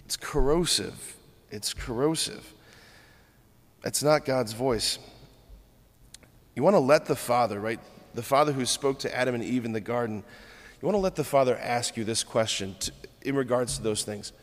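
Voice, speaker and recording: Man, preacher, sermon, earnest, rhythmic lists, medium pitch, echoing hall. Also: normal speed. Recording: long hall reverb.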